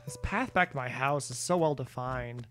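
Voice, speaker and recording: A man's voice: mid-range voice, moderate pace, fairly bright tone, faint music behind. A man live-streaming a video game, chatting casually with viewers in a rambling, self-deprecating way. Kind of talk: casual live-stream chat while gaming.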